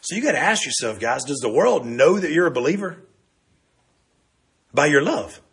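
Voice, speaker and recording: A middle-aged man preaching with a high, bright voice. There is a husky grain to his tone. He talks to the congregation in a lively, conversational way, often asking "right?". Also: moderate pace. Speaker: pastor. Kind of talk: sermon.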